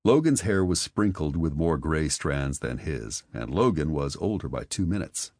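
A man narrating an audiobook with a very low voice that rises and falls expressively. The reading is close and dry, with no room sound at all. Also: normal speed, few pauses, no room sound. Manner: expressive storytelling. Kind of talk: scripted narration.

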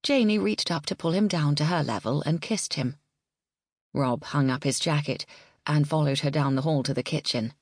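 Casting: woman narrator, low pitch, dry close recording. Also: expressive, moderate pace, no room sound. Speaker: audiobook narrator. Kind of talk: scripted narration.

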